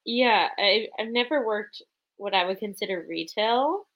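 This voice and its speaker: A woman's voice: medium pitch, animated, a little slow, dull audio. A woman co-hosting a podcast, chatting in an easygoing, matter-of-fact way. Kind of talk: casual chat.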